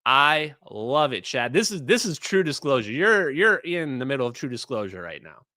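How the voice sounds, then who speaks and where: A man's voice: medium pitch, sing-song, moderate pace, bright, forceful tone, no echo, studio quality. A middle-aged man commenting on clips during a live stream, emphatic and opinionated, talking straight to his chat.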